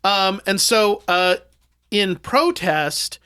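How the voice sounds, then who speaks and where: Bright, deadpan mock-historian man. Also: high voice, very slow, clear, resonant tone, dry recording, studio quality. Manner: deadpan, mock-scholarly, many ums. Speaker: podcast co-host. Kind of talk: casual banter, tall-tale explanation.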